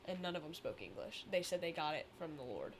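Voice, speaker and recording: A woman's voice: low-pitched, big pitch swings, a little fast, background noise. A woman telling a story in casual chat, chatty with many fillers. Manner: chatty, many likes and ums.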